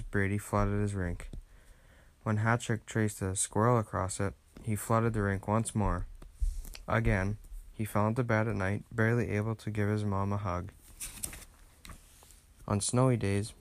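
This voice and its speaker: Low-voiced man reading a storybook. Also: no echo. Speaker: narrator. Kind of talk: children's storybook read-aloud.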